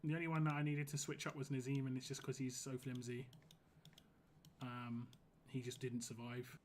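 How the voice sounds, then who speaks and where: Hoarse man rambling through gameplay tips. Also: medium pitch, little pitch movement, moderate pace, slight background noise. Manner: rambling, full of "like". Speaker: game streamer. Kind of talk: casual gameplay commentary. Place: home gaming setup.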